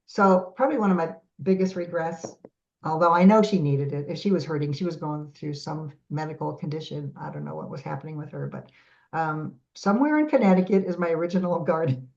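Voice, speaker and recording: A middle-aged woman guest on a podcast, telling stories in a lively way and acting out the voices of the people in them. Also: deep voice, brisk, vocal fry. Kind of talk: animated storytelling in a podcast interview. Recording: dull lo-fi audio.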